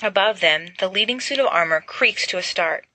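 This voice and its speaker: A woman narrating an audiobook in a lively way, putting on voices for each character. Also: mid-range voice, moderate pace, rough recording. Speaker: reader.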